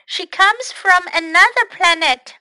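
A woman voicing an eager, excitable little boy snail in a storybook, high-pitched and exclaiming. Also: unhurried, dry recording, heavily acted. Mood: excited.

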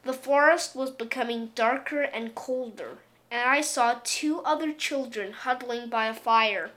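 Woman storyteller, unhurried children's picture-book read-aloud, bright tone, slightly high voice.

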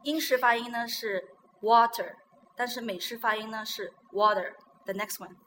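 A woman's voice: fairly high pitch, normal speed, fairly bright tone, slight background noise, low-quality recording. A woman with a Chinese accent, a native Chinese speaker, teaching English pronunciation and repeating words after a guest to check them. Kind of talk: bilingual pronunciation lesson.

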